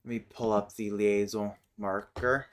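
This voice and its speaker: A woman's voice: a bass voice, little pitch movement. A streamer chatting casually while working on a made-up language, muttering to herself as she looks things up. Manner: slow, muttering while typing and looking things up. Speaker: streamer building a constructed language. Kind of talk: casual livestream chat. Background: keyboard typing and clicking.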